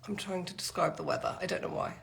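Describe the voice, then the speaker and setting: A woman's voice: on the low side, fast talker, creaky, a little hiss or hum. A middle-aged woman hosting a live design Q&A, chatting and reading out viewers' greetings. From Britain. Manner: chatty, repeats greetings, reads out comments. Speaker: interior design host.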